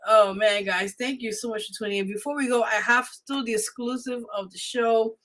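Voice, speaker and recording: A woman's voice: on the high side, fairly even intonation, moderate pace, hardly any pauses, rough recording. A woman hosting a radio interview show, chatting casually and thanking her guest with lots of fillers. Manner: warm, effusive thanks with frequent fillers.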